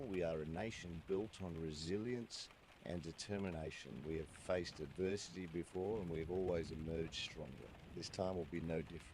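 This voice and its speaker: Man doing a stern prime minister, very low voice, solemn formal speech, noisy background. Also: close to an everyday voice. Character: grave, stern male prime minister making a wartime address. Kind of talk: mock political speech.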